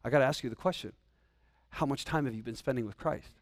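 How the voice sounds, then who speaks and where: A man preaching a sermon to his congregation in a lively, conversational way, full of rhetorical questions. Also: mid-range voice, fast talker, no room sound, studio quality. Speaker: pastor. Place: church sanctuary.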